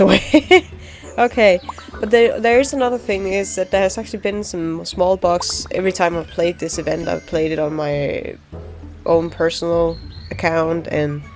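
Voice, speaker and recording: A woman's voice: on the low side, a little mellow. A woman giving casual, rambling gameplay commentary, chatty and giggly. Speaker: let's play commentator.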